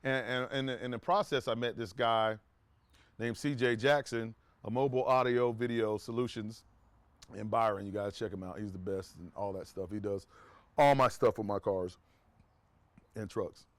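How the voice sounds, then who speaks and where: A man's voice: on the low side, fairly even intonation, moderate pace, no echo. A man casually telling a personal story to his viewers, rambling with restarts and asides, and acting out quoted talk in a raised voice. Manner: acts out quoted dialogue in a raised voice.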